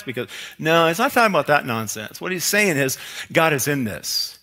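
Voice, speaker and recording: A man preaching a sermon as pastor, lively and emphatic, full of rhetorical questions and quoted lines. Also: fairly high pitch, fast talker. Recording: long hall reverb.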